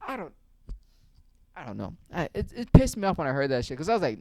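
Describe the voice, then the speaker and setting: A man's voice: a little high, big pitch swings, quick pace, creaky, long pauses, mellow, no room sound. A young man giving ranting commentary, profane and heated, firing off rhetorical questions. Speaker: online commentator.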